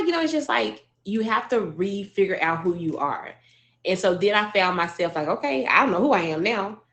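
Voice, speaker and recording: A woman's voice: lowish voice, a bit bright. A woman from Arkansas telling a heartfelt personal story in an earnest, emotional way, with frequent fillers and restarts. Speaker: speaker sharing a personal story.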